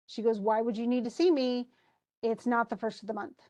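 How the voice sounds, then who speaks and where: A woman's voice: fairly high pitch, fairly even intonation, a little fast, warm tone. A woman teacher walking a class through a play scene, reading the characters' lines aloud between her own explanations and restarts. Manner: reads quoted lines aloud with restarts and asides. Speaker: literature teacher. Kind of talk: lecture retelling a play scene.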